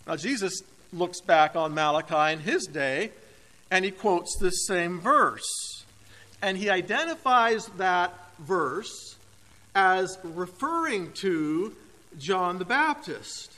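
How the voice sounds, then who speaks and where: A man preaching a sermon as pastor, emphatic and deliberate, with dramatic pauses. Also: high voice, animated, bright, forceful tone. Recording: reverberant hall.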